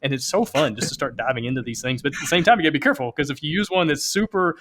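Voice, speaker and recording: American guy hosting a podcast, talks quick and a bit high, excited and rambly. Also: slight background noise. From United States. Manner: enthusiastic, rambling, lots of fillers and restarts. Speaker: podcast host, interviewer. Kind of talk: casual interview chat.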